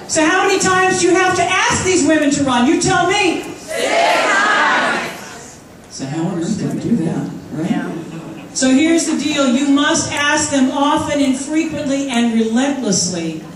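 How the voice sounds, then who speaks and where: Woman in her 50s, high voice, punchy rally speaker working the crowd, heard far off in a reverberant hall with a faint audience. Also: moderate pace. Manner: energetic, joking, call-and-response with the crowd. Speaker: conference speaker. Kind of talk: rallying conference speech. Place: large conference hall.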